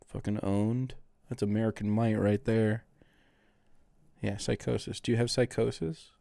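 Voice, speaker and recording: A man's voice: fairly low pitch, fairly even intonation, measured pace, gravelly, warm tone, dry recording. A man streaming, reacting to videos and mocking chat in a sarcastic, profane casual chat.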